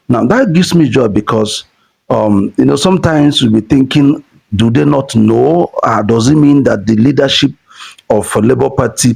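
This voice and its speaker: A man's voice: mid-range voice, vocal fry, darkish tone, breathy edge. A man with a Nigerian accent giving earnest political commentary to supporters, repeating points for emphasis. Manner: earnest, repetitive, building to emphasis.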